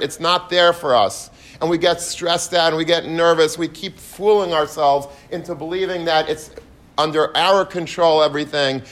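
An adult man giving a sermon, telling stories with lots of Yiddish and Hebrew terms mixed in. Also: fairly high pitch. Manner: lively storyteller mixing in Yiddish and Hebrew terms. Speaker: Torah speaker. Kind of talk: sermon with storytelling.

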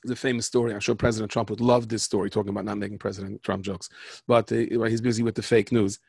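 This storyteller talks fast in a lowish, gravelly voice that's level, a little mellow, and slightly rough. He rambles conversationally through jokes and parables, often stopping himself and starting again. The studio recording is clean and dry.

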